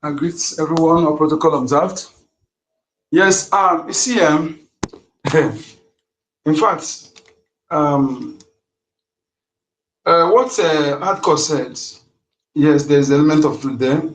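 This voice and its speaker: A man's voice: a little high, slow, pauses often, roomy sound, slight background noise, low-quality recording. A man speaking heatedly and emphatically on an online audio space, repeating himself as he makes accusations.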